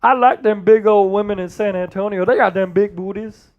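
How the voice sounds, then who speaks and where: A man's voice: sits high, steady tone, a little fast, dull audio, lightly acted. A man doing an impression of a boastful older basketball analyst, drawling and rambling. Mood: crude. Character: impression of a famous retired basketball star turned TV analyst, man, 60s, brash.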